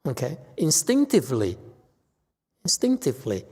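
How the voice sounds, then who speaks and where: A man's voice: medium pitch, huge pitch swings, moderate pace, dark tone, breathy edge, long reverb tail. A man teaching as a Buddhist master in a dharma lecture, blunt and dismissive, brushing off questions with impatience.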